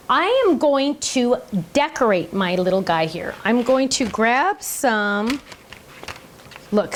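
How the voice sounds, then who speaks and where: A woman's voice: on the high side, a little hiss or hum. A middle-aged woman chatting her way through an online cardmaking class, talking as she works with her hands. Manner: chatty, bubbly, talks while working with hands. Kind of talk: online crafting demonstration.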